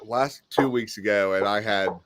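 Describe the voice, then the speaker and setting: A man's voice: on the low side, normal speed, a bit bright, a little hiss or hum. A man hosting a casual stream hangout, chatting loosely with lots of fillers and rambling stories. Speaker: stream host. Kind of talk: casual chat.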